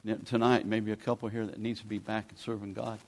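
A man's voice: fairly low pitch, level tone, fast, a little mellow. A man, preaching a sermon in a folksy, pleading, conversational way as a guest preacher. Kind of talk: sermon with altar call.

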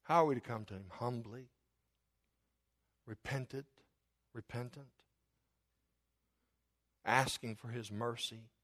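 A man's voice: mid-range voice, takes it slowly, pauses often, fairly bright tone. A middle-aged man preaching a sermon, who jokes about himself and acts out the voices of the people he quotes.

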